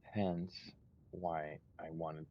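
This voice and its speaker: A man hosting a casual gaming stream, talking in low-key, mumbled asides while he plays. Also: flat delivery, extremely slow. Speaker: streamer and channel host. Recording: dull lo-fi mic with faint rumble.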